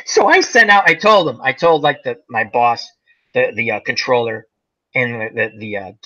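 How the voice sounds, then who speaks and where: A man's voice: medium pitch, lively intonation, moderate pace, sharp tone, lo-fi sound. A man hosting a casual chat, telling rambling stories with lots of fillers. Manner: rambling storyteller, many fillers. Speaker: host.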